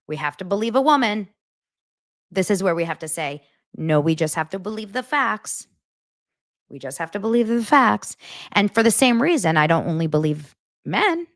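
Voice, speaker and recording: A woman hosting her own podcast, talking straight to her listeners in animated, casual commentary with lots of filler words. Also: on the low side, no echo, clean studio sound. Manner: animated, talks directly to listeners, many "like" fillers. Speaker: podcast host.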